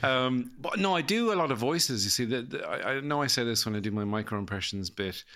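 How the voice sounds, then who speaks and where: A man's voice: medium pitch, animated, fast, sharp tone. An Irish man in his thirties hosting a comedy podcast, rambling and self-mocking in casual chat. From Ireland.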